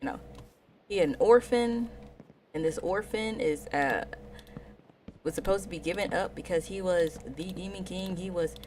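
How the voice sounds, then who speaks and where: A woman's voice: lowish voice, normal speed, pauses often, darkish tone, slight background noise. A woman streamer casually retelling an anime story while playing, rambling with slang and asides. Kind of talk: casual gaming stream chat.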